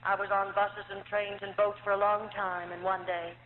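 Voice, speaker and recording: A woman's voice: medium pitch, flat delivery, normal speed. An older American woman giving an earnest, emotional personal testimony to a church gathering, with hesitant fillers. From United States. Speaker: former nun giving testimony. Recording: tinny old cassette of echoey hall, faint hiss.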